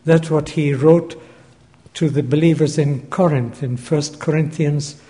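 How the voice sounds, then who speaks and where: A man preaching a Bible teaching sermon, measured and deliberate, repeating key phrases for emphasis, recorded in a large church hall. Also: fairly high pitch, fairly even intonation, warm tone. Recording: long hall reverb.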